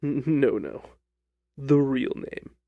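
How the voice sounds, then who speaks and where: A man voicing a calm, confident detective who speaks in a measured, dryly ironic way in an audiobook reading of a detective story. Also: mid-range voice, no room sound, phone-quality sound. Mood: courteous.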